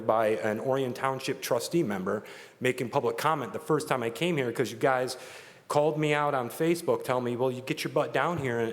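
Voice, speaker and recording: A man's voice: medium pitch, a bit bright. Emotional man at a council podium. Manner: emotional, halting, earnest. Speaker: resident giving public comment. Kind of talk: public comment at a council meeting. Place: council meeting chamber. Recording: reverberant meeting hall.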